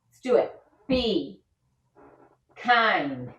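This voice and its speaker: A woman's voice: mid-range voice, sing-song, extremely slow, long pauses. A woman leading a children's yoga and mindfulness lesson, giving upbeat, encouraging step-by-step instructions. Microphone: camera set back from her. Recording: roomy sound from a distant mic.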